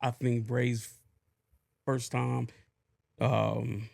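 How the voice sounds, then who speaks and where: Reflective male co-host, slow and flat delivery with gravel, dry close sound. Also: mid-range voice, dry recording. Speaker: podcast co-host. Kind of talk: casual chat.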